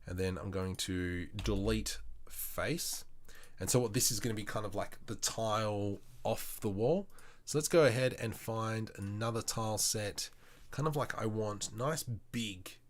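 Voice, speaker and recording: An Australian man live-streaming his 3D work, chatting with viewers and thinking aloud as he works. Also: on the low side. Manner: chatty, thinks aloud, mutters while working. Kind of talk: casual live-stream tutorial.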